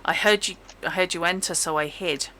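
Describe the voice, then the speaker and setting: A woman's voice: on the low side, a little fast, bright, forceful tone, slight background noise, rough recording. A woman voicing a nervous young male dwarf smith who speaks very formally and apologetically.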